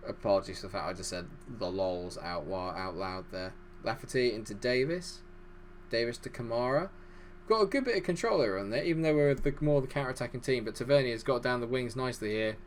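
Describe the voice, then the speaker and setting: A man giving fast, excitable live commentary over a football management game, chatty and self-deprecating. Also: medium pitch, slight background noise. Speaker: gaming YouTuber.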